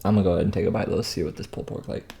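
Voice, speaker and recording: A man's voice: low voice, steady tone, rapid-fire, creaky, dark tone, a little hiss or hum. A man casually telling a story in slang between bites of food, as a food vlogger. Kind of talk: casual mukbang chat.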